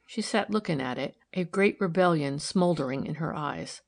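A woman reading a novel aloud in steady, measured narration. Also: low-pitched, gravelly. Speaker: audiobook reader. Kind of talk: scripted narration.

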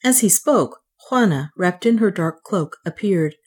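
Female audiobook narrator, lower register, measured and clear delivery. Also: lively intonation, a little mellow.

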